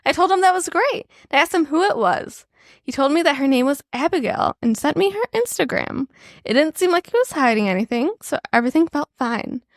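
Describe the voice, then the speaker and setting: A woman with a fairly high voice reads an online post aloud for her podcast, keeping it chatty and amused. The sound is close and dry, with no room around it. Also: animated, fairly quick, dry recording. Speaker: podcast co-host. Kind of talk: casual chat and reading stories aloud.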